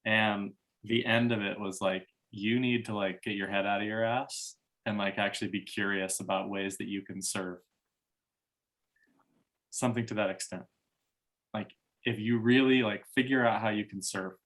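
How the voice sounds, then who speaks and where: A man's voice: lowish voice, fairly even intonation, moderate pace, a bit bright. A young man on a video call, talking candidly in a casual group share, swearing often and filling his talk with "like". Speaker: workshop facilitator.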